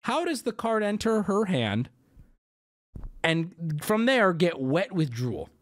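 A young man talks off the cuff on a live stream, blunt and swearing freely. His voice sits high and swoops around a lot as he reacts. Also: big pitch swings, slow pace. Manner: blunt, profane, laughs often.

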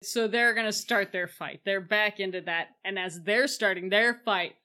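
A woman's voice: medium pitch, bright, forceful tone. A woman co-hosting a podcast, chatting casually and playfully acting out characters as she recaps a movie. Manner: playful, acts out characters in quick asides. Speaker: podcast co-host. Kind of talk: casual chat recapping a film.

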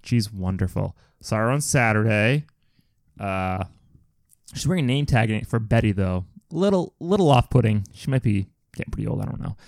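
A man co-hosting a podcast, telling stories in a lively, swearing, casual way. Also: on the low side, normal speed, gravelly, no echo, studio quality. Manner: animated, swearing storyteller. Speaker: podcast co-host. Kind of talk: casual chat.

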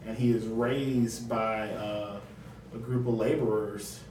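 A man's voice: lowish voice, takes it slowly. Rambling man on a distant mic. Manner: relaxed, rambling explanations. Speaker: podcast co-host. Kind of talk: casual comics podcast chat. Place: room in a house. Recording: roomy, distant mic, faint hiss.

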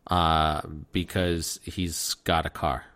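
A man's voice: deep voice, level tone, slow pace, fairly bright tone. A man hosting a podcast, giving a rambling, joking recap of a movie plot in casual chat. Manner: jokey, rambling plot recap with silly voices. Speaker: podcast host.

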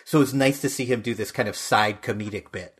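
A man's voice: on the low side, brisk, fairly bright tone, husky. A man co-hosting a film podcast, talking casually, swearing freely and laughing between his points. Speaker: podcast co-host.

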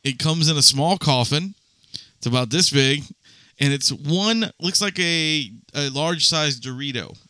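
A man co-hosting a podcast in casual banter, explaining haltingly and restarting his sentences. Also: fairly high pitch, sharp tone, clear, resonant tone, dry recording. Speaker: podcast co-host.

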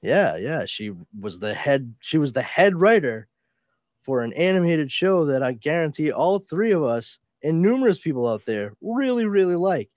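A man co-hosting a podcast in casual chat, telling stories with a lot of swearing and quick put-on voices. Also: fairly high pitch, very animated, a little mellow, no echo, studio quality. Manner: chatty storyteller, swears, puts on voices in anecdotes. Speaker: podcast co-host.

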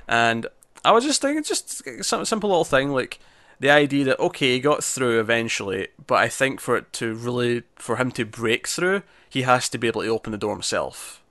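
A man's voice: mid-range voice, sing-song, a little fast, fairly bright tone, dry recording. A man, chatting casually as he recaps a TV episode, often acting out quotes. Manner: chatty, lots of fillers and acted-out quotes. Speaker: podcast co-host.

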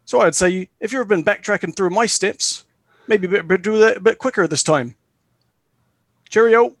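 A man voicing a gruff, menacing male adventurer in a tabletop game, speaking low and threatening with clipped politeness. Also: moderate pace, no echo.

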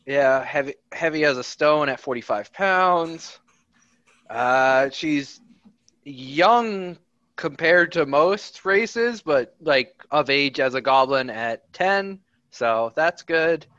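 A young man describing his game character in an unhurried, rambling way, on a dull lo-fi mic. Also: on the high side, animated, bright, forceful tone, no room sound. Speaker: player.

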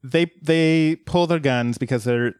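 A man co-hosting a podcast, recapping a TV episode in relaxed, unhurried casual chat. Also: fairly high pitch, clean tone, no echo, clean studio sound. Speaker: podcast co-host.

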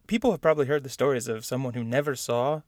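A man in relaxed conversation as a podcast co-host, chatty and rambling, stumbling over his own words and laughing along. His voice sits at an average pitch and comes through a dry, close recording. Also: fast, dry recording. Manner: chatty, laughs often, many restarts. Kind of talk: casual chat.

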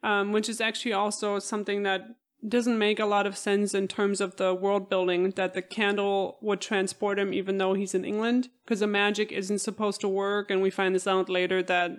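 A woman's voice: mid-range voice, level tone, normal speed, hardly any pauses. Chatty woman co-host on a podcast. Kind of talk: casual movie-discussion chat.

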